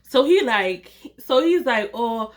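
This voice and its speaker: A young woman, chatting straight to her viewers in a playful storytime. Her voice sits a little high and comes across bright and forceful. She talks loosely and keeps cracking herself up. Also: expressive, normal speed. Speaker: storytime vlogger.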